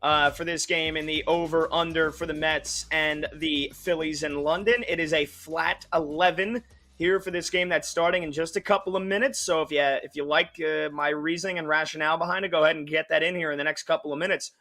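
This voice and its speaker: A man's voice: on the high side, steady tone, a little fast, pushed and bright. A man hosting sports betting radio, explaining a pick in a rambling, filler-heavy way. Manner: rambling, with many fillers and restarts. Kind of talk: casual betting analysis.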